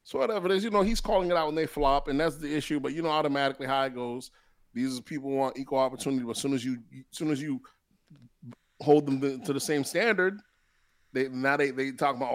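A man co-hosting a podcast, talking quickly in loose, animated banter and swearing freely. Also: fairly high pitch. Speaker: podcast co-host. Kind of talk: casual chat.

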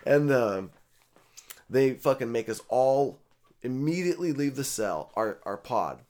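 A man's voice: medium pitch, unhurried. A young man telling a rambling, profane story in casual speech, with lots of filler words. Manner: profane, rambling, animated retelling.

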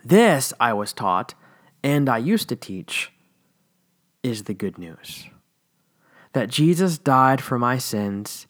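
A man in his thirties speaking in a blunt, candid monologue. He talks frankly and personally, with wry asides, in a voice of middling pitch. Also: a bit bright. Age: 30s. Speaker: former church teacher.

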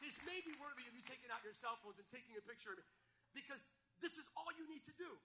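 A man's voice: very high-pitched, lively intonation, fast talker, noisy background. A man preaching a sermon, emphatic, with rhetorical questions and repeated phrases.

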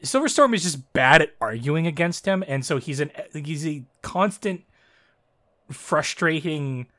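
A man co-hosting a casual discussion of a fan story, talking in animated, frustrated bursts full of fillers. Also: a little high, a little slow. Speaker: podcast co-host.

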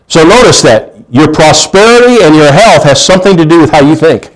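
A male pastor preaching a sermon in a folksy storytelling manner. He swings between loud emphasis and hushed asides and often restarts his sentences. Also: a little high, animated, fairly quick.

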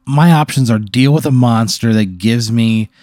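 A man's voice: mid-range voice, moderate pace, darkish tone, no echo, studio quality. A man in casual chat reacting to a made-up story, exasperated and swearing a lot.

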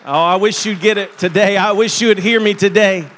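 A man with a high voice preaching to a congregation. He tells stories quietly, stumbling and repeating words, then rises to loud, fervent calls. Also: fairly even intonation, brisk, a little hiss or hum. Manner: repeats words and restarts often while telling stories. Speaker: pastor. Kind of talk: sermon.

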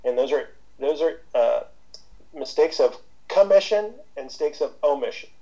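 A man in his fifties speaks as an interview guest, his voice dark and mellow. He rambles through his points in a relaxed way, full of "um"s and restarts, sounding like a seasoned therapist. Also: fairly high pitch, moderate pace, low-quality recording. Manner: rambling, with many fillers and restarts. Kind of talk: casual interview talk.

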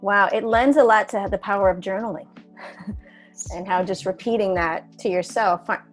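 A woman's voice: medium pitch, moderate pace, soft background music. A woman hosting an interview, asking questions and affirming her guest in an encouraging way. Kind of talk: conversational interview.

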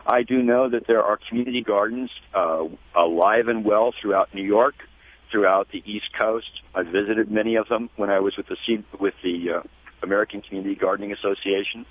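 A man talking as a guest in a radio interview, measured and spelling out web addresses slowly. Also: fairly low pitch, fairly even intonation. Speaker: guest, gardening educator. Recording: tinny phone line.

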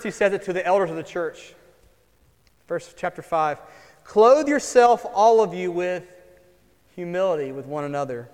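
A man preaching a sermon, earnest, moving between hushed, quiet passages and emphatic lines. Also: sits high. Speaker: pastor. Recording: long hall reverb.

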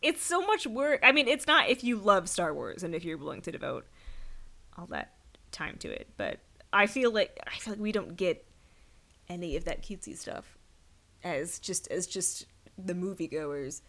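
A woman co-hosting a casual movie podcast, animated and gushing, laughing often. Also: fairly low pitch, moderate pace. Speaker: podcast co-host.

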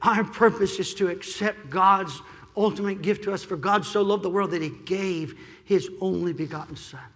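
A male pastor preaching a sermon, building from quiet pleading to loud shouting and repeating his key phrases. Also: sits high, in a large hall. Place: church sanctuary.

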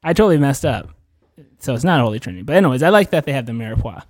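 A man's voice: mid-range voice, expressive, racing, no room sound. A man co-hosting a casual podcast, laughing often and bantering crudely. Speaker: podcast co-host.

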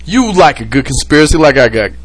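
A man's voice: medium pitch, fast talker, soft background music. A man hosting a sports podcast, ranting loosely and profanely with whiskey on hand, drifting into impressions. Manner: animated, profane, ranting, mimics people. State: drinking whiskey. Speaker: podcast host. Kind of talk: casual sports chat.

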